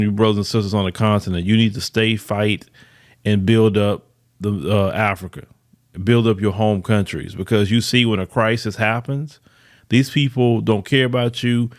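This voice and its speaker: Emphatic man hosting a podcast. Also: fairly low pitch. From United States. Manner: emphatic, repeats words for stress, reads news then comments. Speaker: podcast host. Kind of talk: news commentary podcast.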